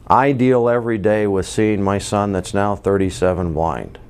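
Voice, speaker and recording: A man's voice: fairly low pitch, a little mellow. A man in his fifties hosting a podcast, talking earnestly in a casual monologue, telling stories and asking himself rhetorical questions. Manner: earnest, storytelling with repeated restarts. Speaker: podcast host.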